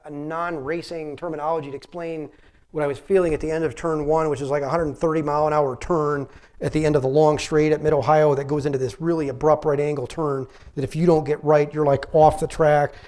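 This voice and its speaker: A middle-aged man with a slightly high voice gives a relaxed lecture. He talks in a chatty, meandering way and restarts his sentences often, as if thinking aloud in front of an audience. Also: fairly quick. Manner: conversational, rambling, frequent restarts. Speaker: physician giving a public lecture. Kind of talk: informal lecture with anecdotes. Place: public library talk.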